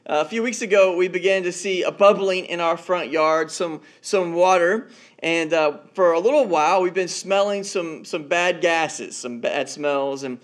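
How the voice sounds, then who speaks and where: A pastor with a notably high-pitched voice delivers a relaxed, talky sermon. He tells personal stories and doubles back on his words as he thinks aloud. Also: moderate pace. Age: adult, married father. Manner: storytelling, repeats words as he goes. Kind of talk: conversational sermon.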